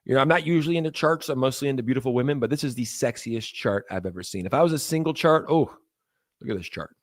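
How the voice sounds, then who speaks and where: A young man rattles through a casual livestream in an excited, joking way, with profanity thrown in. His voice sits at an everyday middle pitch. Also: quick pace. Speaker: crypto streamer.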